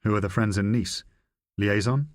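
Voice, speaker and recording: Terse skeptical ex-spy read by a male narrator, low voice, dry. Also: moderate pace, no room sound, natural voice. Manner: terse, probing questions. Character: terse, skeptical former male intelligence officer.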